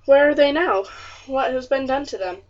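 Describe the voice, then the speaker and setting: Brief: practical, reproving colonial woman, voiced by a woman, higher pitch, muffled lo-fi audiobook sound. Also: normal speed, darkish tone, natural voice. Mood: urgent. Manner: firm, reproving, old-fashioned speech.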